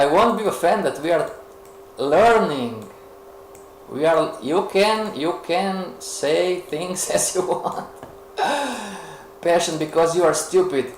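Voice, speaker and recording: A man leads a live trading webinar, slow and deliberate, his voice a little raised and gravelly. He keeps asking the audience questions and acts out a frustrated beginner. The room sounds echoey, with faint noise behind him. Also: fairly high pitch, animated. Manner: rhetorical, role-plays a frustrated beginner, asks the audience questions.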